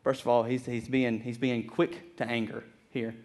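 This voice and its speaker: A man preaching a sermon to his congregation, earnest and animated, often repeating words as he builds his point. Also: medium pitch, normal speed. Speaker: pastor.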